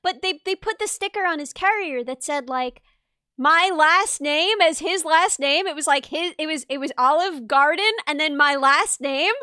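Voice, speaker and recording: A woman's voice: sits high, moderate pace, bright, forceful tone, no room sound, clean studio sound. A woman chatting casually on a stream, telling anecdotes.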